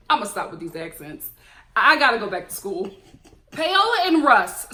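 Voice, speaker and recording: A woman giving a casual reality-TV review as a vlogger, talking in a sassy, opinionated way. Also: medium pitch. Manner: sassy, animated, opinionated ranting with laughs. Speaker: TV recap vlogger.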